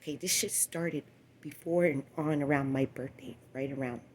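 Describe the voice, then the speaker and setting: A woman in her late twenties telling a rambling personal story to the camera, cursing often and swinging between a low murmur and loud exclamations. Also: steady tone, normal speed, a little hiss or hum. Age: 20s. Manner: profane, repetitive, meandering storytelling. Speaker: vlogger.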